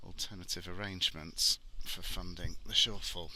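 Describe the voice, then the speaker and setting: Low-voiced guy talking bluntly from his car, very bright edgy tone, swears a lot. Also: fairly even intonation, moderate pace, a little hiss or hum, rough recording. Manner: blunt and sarcastic, swears freely. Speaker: property expert. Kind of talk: casual vlog commentary. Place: driving in a car.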